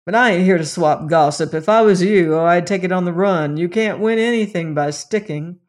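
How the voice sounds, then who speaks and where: A reader voicing a gruff plainclothes policeman who speaks bluntly in street slang. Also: mid-range voice, moderate pace, close to an everyday voice. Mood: blunt, offhand.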